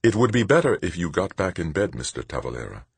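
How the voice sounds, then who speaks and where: A man voicing a cool, composed nun who speaks softly and calmly. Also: low voice, fast talker, vocal fry, slightly rough, no room sound, heavily acted. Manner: soft, calm, coaxing. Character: cool, composed nun, soft-spoken woman.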